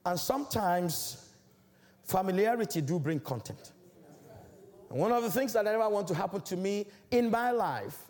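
A man's voice: expressive, moderate pace, darkish tone. A man from Africa preaching a sermon as a church elder, emphatic and declamatory, in a large church. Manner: emphatic, declamatory preaching with big swells in pitch.

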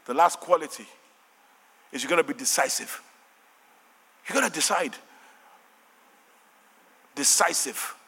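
An older man with a Nigerian accent, a pastor preaching a fervent sermon with shouted refrains and call-and-response, in a church hall with long reverb. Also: a little high, animated, moderate pace, pauses often, husky.

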